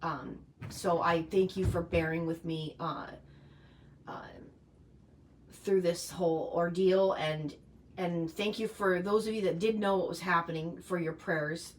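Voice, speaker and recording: A woman's voice: on the low side, fairly even intonation, unhurried. Emotional rambling woman live-streaming. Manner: emotional, rambling with many fillers and restarts. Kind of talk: casual live-stream chat.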